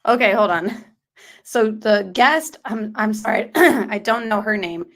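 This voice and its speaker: A woman's voice: mid-range voice, expressive, measured pace. Chatty woman hosting a true crime stream. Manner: chatty, reacts to live chat. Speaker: true crime channel host. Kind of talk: commentary over a replayed call-in stream.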